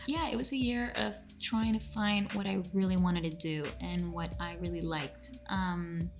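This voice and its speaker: A woman's voice: fairly low pitch, fairly even intonation, a little slow, music in the background. A young adult woman, a singer, chatting expressively as an interview guest, with many fillers. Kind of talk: casual video-call interview.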